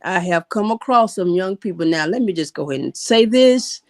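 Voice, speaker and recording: A middle-aged woman co-hosting a casual talk show, telling candid stories in relaxed Southern American phrasing. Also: on the low side, normal speed, noisy background. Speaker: podcast co-host. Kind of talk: casual conversation.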